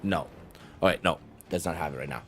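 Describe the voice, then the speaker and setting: A man's voice: sits low, fairly quick, a bit bright, breathy edge, faint music behind. A man narrating as game master of a tabletop game, casual and rambling, often restarting mid-sentence and swearing.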